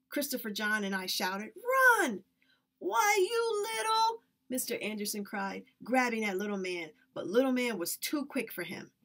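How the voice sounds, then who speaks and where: A woman reads a children's story aloud, with lively, expressive narration. Her pitch sits in the middle range for a woman. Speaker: reader.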